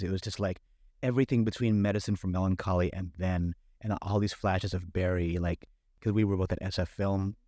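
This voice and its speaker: This low-voiced man is a film director from the San Francisco Bay Area, appearing as an interview guest and telling chatty, conversational stories. He's animated, uses plenty of filler and voices his inner thoughts aloud, and the clean studio audio has no echo.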